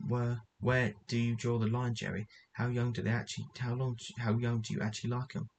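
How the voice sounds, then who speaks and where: A man's voice: mid-range voice, little pitch movement, a little fast, gravelly, darkish tone, slight background noise, natural voice. A man reading the lines of an enraged mother who accuses a man of preying on her daughter, in a plain storybook reading. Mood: furious accusing. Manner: accusing, bitter, plainly read. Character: enraged mother confronting a predator.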